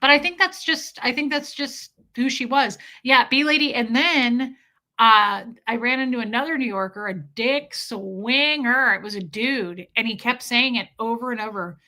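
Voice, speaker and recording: A young woman hosting a live stream, chatting casually and reading out viewers' names in an animated, chatty way. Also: fairly high pitch, moderate pace. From Midwest US. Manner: chatty, animated, reads chat names aloud. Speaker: livestream host.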